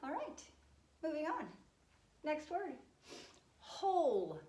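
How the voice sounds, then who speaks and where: A woman teaching children a spelling lesson, cheerful and encouraging, spelling words out slowly. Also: fairly high pitch, animated, roomy sound.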